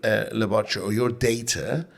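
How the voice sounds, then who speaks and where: A man's voice: fairly low pitch, fairly even intonation, brisk, creaky. A man hosting an interview, asking the guest direct, probing questions. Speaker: interview host.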